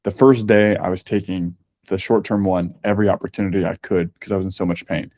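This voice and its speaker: A man's voice: low voice, steady tone, quick pace, darkish tone, dry recording. A man talking as a podcast guest, candid and chatty as he tells his story. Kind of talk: casual conversation.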